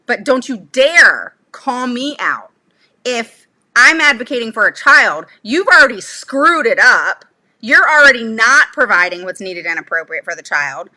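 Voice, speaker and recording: A woman's voice: fairly high pitch, very animated, unhurried, pushed and bright. A woman speaking as a special education advocate to her viewers, blunt and fired up, with many "okay?" tags and rambling asides. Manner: rambling asides and sudden laughs. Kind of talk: casual livestream talk to viewers.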